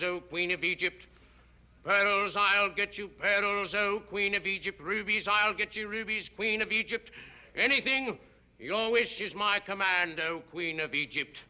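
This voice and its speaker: A man impersonating a brooding Roman orator with a slurred, mumbling, drawn-out delivery. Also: high voice, sharp tone, exaggerated voice.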